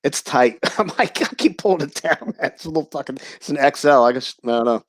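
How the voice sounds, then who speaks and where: A man's voice: fairly high pitch, expressive, fast talker, no echo. A man who is a guest on a livestream, chatting in a laid-back way, cursing often and laughing easily. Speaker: guest reptile breeder. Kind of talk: casual chat.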